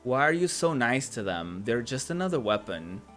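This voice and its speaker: A man voicing a cold, brooding young male swordsman in a game with a deep voice. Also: sing-song, normal speed, fairly bright tone, faint music behind.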